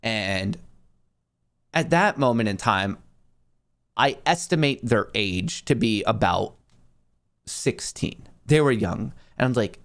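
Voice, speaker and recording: A young man, host of his own show, telling a story in a casual, animated way and acting out the people in it. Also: on the low side, takes it slowly, pauses often.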